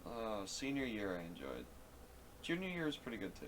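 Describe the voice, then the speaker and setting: Young male co-host, lowish voice, laid-back and dry, audible hiss. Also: moderate pace. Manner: relaxed, dry interjections and prompting questions. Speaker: podcast co-host. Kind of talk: casual chat.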